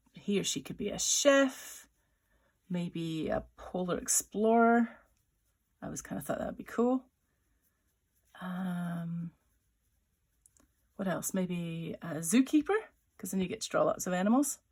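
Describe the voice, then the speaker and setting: Her voice sits on the low side, animated and slightly rough. Leading a drawing lesson as a writer-illustrator, she's chatty and playful, voices small sound effects, and thinks aloud while drawing, with pauses and restarts.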